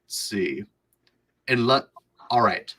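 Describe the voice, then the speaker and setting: Bright-voiced man reading a stumbling summary. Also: on the low side, expressive, takes it slowly, low-quality recording. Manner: stumbling with many restarts, nervous. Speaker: podcast co-host reading the synopsis. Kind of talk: casual chat, reading a plot summary aloud.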